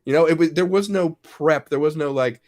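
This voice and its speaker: A middle-aged man, a guest actor, telling lively stories in a casual interview and acting out the lines he quotes. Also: a little fast. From Wisconsin. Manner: animated storyteller, acts out quotes with big pitch swings and laughs.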